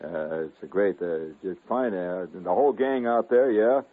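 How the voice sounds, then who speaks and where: A man's voice: low voice, moderate pace. A man voicing a chatty middle-aged male ham radio regular who meanders through filler-heavy small talk. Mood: genial. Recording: narrow, phone-like old radio broadcast.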